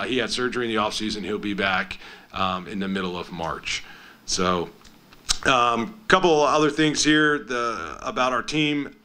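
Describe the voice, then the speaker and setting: A man's voice: lowish voice, sharp tone. A middle-aged man, a head baseball coach, giving upbeat, emphatic media day remarks with frequent ums.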